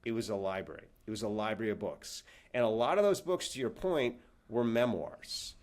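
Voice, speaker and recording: A man, a professor and author, answering interview questions as an animated storyteller who acts out the people he quotes. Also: fairly low pitch, fairly quick.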